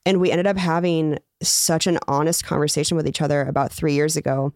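A woman comedian as a podcast guest, telling stories in a chatty, animated way. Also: sits low, a little fast, no echo, studio quality. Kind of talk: casual chat.

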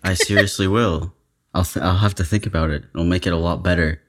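A man talking as a guest in a casual chat, hesitant and halting with fillers. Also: low-pitched, steady tone, a bit bright.

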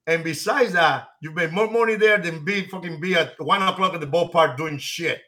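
A man in his sixties tells locker-room stories with animated, profane energy. His voice sits high and sounds bright and forward. He laughs through his own punchlines. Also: moderate pace, hardly any pauses. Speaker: guest, former baseball manager. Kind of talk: casual storytelling.

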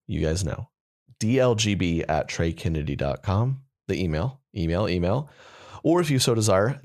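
Low-voiced young man co-hosting a podcast. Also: a little mellow. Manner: rambling, filler-heavy, joking. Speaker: podcast co-host. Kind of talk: casual comedy podcast chat.

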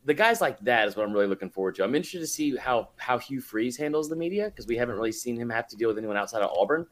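A man's voice: mid-range voice, lively intonation, very fast, a bit bright. A man talking as a podcast guest in casual chat, rambling with lots of fillers and laughing often.

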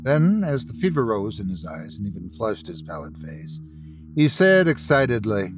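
A man hosting and narrating a classic ghost story in a dramatic, expressive reading. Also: fairly low pitch, moderate pace, music in the background. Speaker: host and storyteller.

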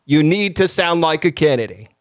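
A man's voice: on the high side, expressive, normal speed, no echo, natural voice. A man doing a pompous Kennedy-style Massachusetts drawl. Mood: grandiose.

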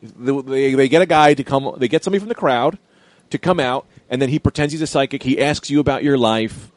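A comedian telling a story in casual chat, acting out the people in it with loud, lively quotes. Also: male voice, mid-range voice, a little fast, no room sound. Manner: animated, acts out quotes loudly.

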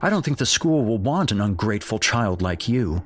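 A man's voice: on the low side, big pitch swings, moderate pace, pitched above the performer's own voice. A man doing a tearful, anxious mother. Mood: harsh. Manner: soft, pleading, sometimes suddenly harsh.

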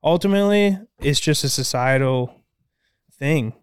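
Animated man spinning a story, clear-voiced. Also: fairly high pitch, a little slow, no room sound, studio quality. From Minnesota. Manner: animated storyteller, swears freely. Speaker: podcast co-host. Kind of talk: casual podcast chat, storytelling.

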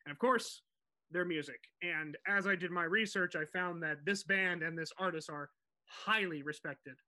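Bright, high-voiced chatty man. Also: moderate pace. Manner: animated, chatty, laughs easily. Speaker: podcast host telling the story. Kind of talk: casual storytelling chat.

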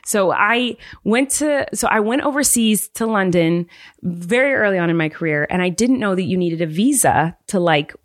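A woman co-hosting a podcast, telling a story in a casual chat, with many "likes" and lively acted-out voices. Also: mid-range voice, dry recording, studio quality. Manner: animated storyteller, fast, lots of "like", acts out voices. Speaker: podcast co-host.

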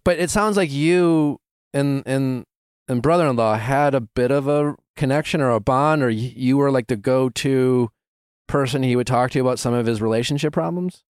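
Smooth-voiced man hosting a podcast. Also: medium pitch, moderate pace, a little mellow. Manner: probing, conversational. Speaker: podcast host. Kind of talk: interview questions.

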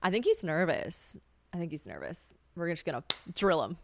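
A woman's voice: big pitch swings, normal speed, creaky, background noise. A young woman hosting a casual solo podcast, chatty and swearing freely, often acting out what others said. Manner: chatty, swearing, laughs, acts out quotes in a high voice. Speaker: podcast host.

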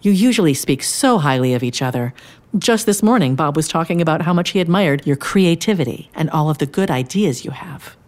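Lady doing a calm wise peacemaker guy, low gentle voice, kids story. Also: a little fast. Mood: coaxing. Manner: calm, coaxing.

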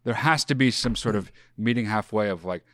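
A man in his forties co-hosting a podcast in casual chat, giving advice with wry, teasing deadpan asides. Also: fairly low pitch, brisk, no room sound, studio quality. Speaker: podcast co-host.

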